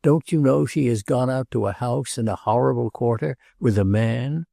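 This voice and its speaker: A man's voice: medium pitch, normal speed, gravelly, warm tone, dry recording, clean studio sound. A man voicing an agitated, jealous nobleman who pleads and repeats himself, in an audiobook.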